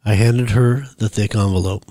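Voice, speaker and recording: A man reading his own story in the first person, measured and commanding when he voices himself. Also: lowish voice, fairly even intonation, warm tone, dry recording. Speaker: memoir narrator.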